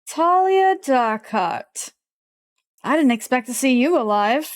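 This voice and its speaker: A man's voice: very high-pitched, expressive, slow pace, full character voice. A woman game master voicing a smug, menacing male villain in a tabletop game, with a mocking, condescending drawl.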